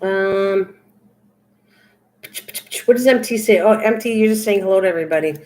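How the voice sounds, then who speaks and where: An older woman hosts a crafting livestream, chatting casually with live viewers and reading their comments aloud as she answers. Her darkish voice is medium-pitched at a moderate pace, with long pauses.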